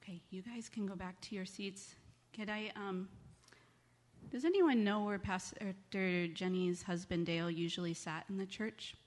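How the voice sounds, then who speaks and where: A woman giving a children's message in church, speaking gently and coaxing the kids with questions. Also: mid-range voice, fairly even intonation, unhurried. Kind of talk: children's sermon. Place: church sanctuary. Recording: long church reverb.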